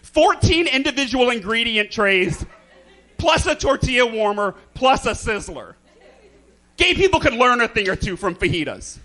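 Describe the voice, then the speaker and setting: A man doing campy, theatrical stand-up comedy in a club, throwing quick asides to the crowd. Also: very high voice, sing-song, pushed and bright. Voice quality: slight lisp. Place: comedy club stage with a live audience.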